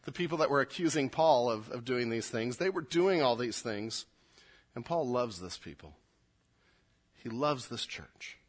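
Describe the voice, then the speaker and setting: A man preaching a sermon, moving from quiet, low asides to loud, emphatic readings of scripture. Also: lively intonation, measured pace. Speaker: pastor.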